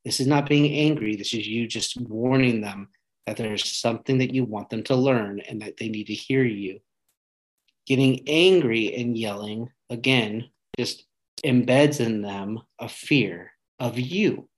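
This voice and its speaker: A man's voice: medium pitch, unhurried, low-quality recording. A man hosting a podcast, giving earnest parenting advice in a casual monologue and often checking in with "right?".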